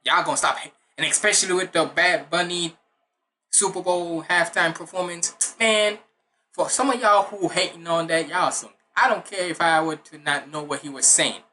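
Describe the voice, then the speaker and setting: A man's voice: fairly high pitch, moderate pace, bright, forceful tone. A man of Jamaican heritage hosting a music reaction video, giving casual, blunt commentary that veers into rants and swearing. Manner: blunt, ranting, swears freely.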